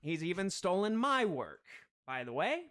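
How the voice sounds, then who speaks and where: High-voiced man in a profane angry rant. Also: big pitch swings, normal speed, fairly bright tone. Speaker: livestream host. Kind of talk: profane ranting livestream commentary.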